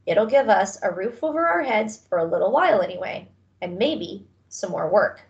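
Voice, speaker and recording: A woman voicing a gentle, earnest father who speaks softly, in a storybook reading. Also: medium pitch, sing-song, moderate pace, muffled recording. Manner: soft-spoken, earnest.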